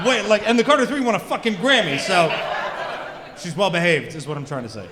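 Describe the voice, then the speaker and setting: A man's voice: sits high, expressive, fairly quick, heavy background noise. A man in his thirties doing a stand-up comedy set, crude and self-mocking, bantering with the audience. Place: comedy club stage. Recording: live club with reverb and loud crowd. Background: audience laughter.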